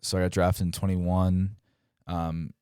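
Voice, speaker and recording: A young professional baseball player from Delaware, in the United States, tells stories as a guest in a casual interview. His voice is low-pitched and measured with a clean tone, and the dry studio recording sounds clean. He's relaxed, uses "like" and "um" heavily, and acts out quotes.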